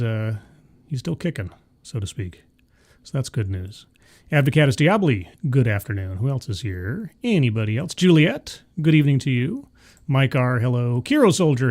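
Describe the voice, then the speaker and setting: A man hosting a casual livestream, greeting viewers by name, reading news aloud and giving blunt opinions. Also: mid-range voice. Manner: chatty, reads news aloud and comments bluntly. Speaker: livestream host. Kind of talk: casual live commentary.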